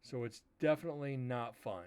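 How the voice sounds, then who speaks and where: Loud laid-back man hosting a stream. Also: medium pitch, a little fast, clear, resonant tone. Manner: loud voice that carries far; rambling, laid-back talk with fillers. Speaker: paranormal investigator host. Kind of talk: casual livestream chat.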